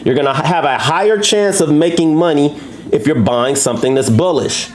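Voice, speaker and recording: A man teaching trading to viewers in a live lesson, brash and boastful, challenging his audience and jumping up in pitch for emphasis. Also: moderate pace. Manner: animated, swoops up into high pitch for emphasis.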